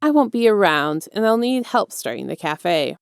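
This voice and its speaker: A woman's voice: medium pitch, very animated, normal speed, gravelly, clean tone, dry recording, clean studio sound. A woman voicing a self-assured male villain mastermind who talks in a teasing, chummy way in a podfic reading. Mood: smug.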